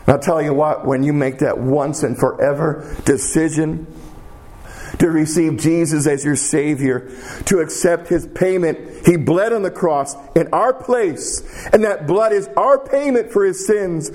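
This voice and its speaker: Slow, emphatic male preacher. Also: a little high. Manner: emphatic, repeats phrases for weight, slows to a hush on prayers. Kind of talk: sermon.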